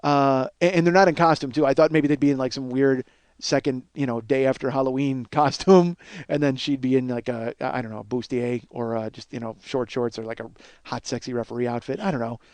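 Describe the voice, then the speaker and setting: A man in his forties hosting a podcast and telling a comic story, profane and self-mocking, and he gets loud and worked up. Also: medium pitch, fairly even intonation, fairly quick, smooth, dry recording. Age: 40s. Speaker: podcast host.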